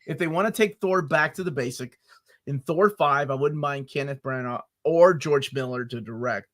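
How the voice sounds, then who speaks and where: A man's voice: on the high side, normal speed. A man co-hosting a movie review show, bantering casually with jokes and teasing asides. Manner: joking, teasing, animated asides.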